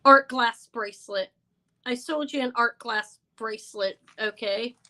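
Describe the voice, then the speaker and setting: A woman's voice: on the high side, unhurried, pushed and bright, low-quality recording. A tired, stressed woman hosting a live jewelry sale, talking in a flustered, apologetic way with many stumbling restarts. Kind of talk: live-stream sales chat.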